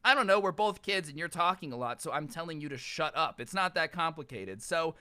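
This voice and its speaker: A man telling a childhood story as a YouTuber, animated, ranting and sarcastic. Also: fairly high pitch, fairly quick. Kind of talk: casual storytime rant.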